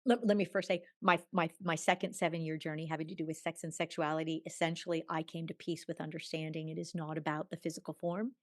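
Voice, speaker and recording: A woman in her sixties, a podcast guest telling a personal story in an animated way, acting out quoted dialogue and laughing often. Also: low voice, quick pace, hardly any pauses. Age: 60s. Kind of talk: storytelling in a conversational interview.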